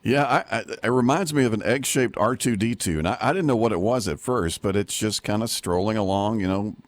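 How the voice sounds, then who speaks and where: A man who is a regular on a morning radio show, chatting casually and a little hesitantly. His voice sits somewhat low. The recording is dry and close. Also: a little fast, dry recording. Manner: hesitant, relaxed talker with restarts.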